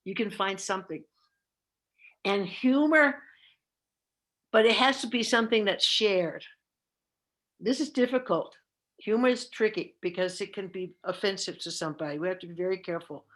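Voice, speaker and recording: A woman's voice: medium pitch, lively intonation, moderate pace, long pauses, a bit bright. A middle-aged woman leading a caregiving training session, earnest and prone to restarting her words. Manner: earnest, self-correcting, repeats words. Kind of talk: presentation with discussion.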